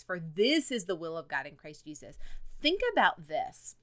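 An earnest woman hosts a faith podcast in a voice of ordinary pitch for a woman. She reads scripture and addresses the listener directly as "friend.". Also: a bit bright. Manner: earnest, encouraging, quotes scripture; speaks straight to the listener. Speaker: podcast host; mother. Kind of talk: faith-based encouragement monologue.

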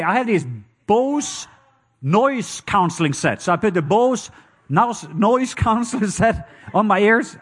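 Norwegian-accented man preaching with animated storytelling. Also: sits high. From Norway. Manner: animated storytelling with call-and-response; acts out sounds with loud hoots and croaks. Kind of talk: sermon.

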